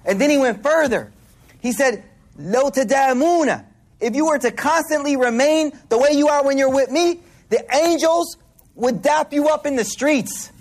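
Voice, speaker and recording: A man preaching a casual, animated sermon in street slang, telling stories as he goes. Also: extremely high pitch, moderate pace.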